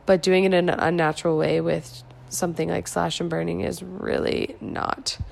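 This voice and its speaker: A woman's voice: on the low side, flat delivery, normal speed, gravelly. A tired young woman vlogger chatting casually late at night, musing and rambling with lots of "like". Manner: rambling, musing, heavy filler "like". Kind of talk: casual chat.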